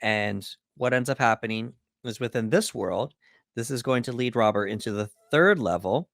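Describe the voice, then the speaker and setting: A man's voice: medium pitch, moderate pace, vocal fry, fairly bright tone, no echo, studio quality. A man co-hosting a podcast, casually recapping a film's plot from his notes with plenty of fillers. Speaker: podcast co-host. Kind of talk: casual film breakdown chat.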